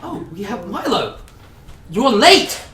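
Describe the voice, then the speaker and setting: A man doing a frantic court herald in a tabletop game, high-pitched and loud as he scolds and hurries someone along. The voice swoops around and sounds roomy and distant, with noise behind it. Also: sing-song, slow pace, full character voice.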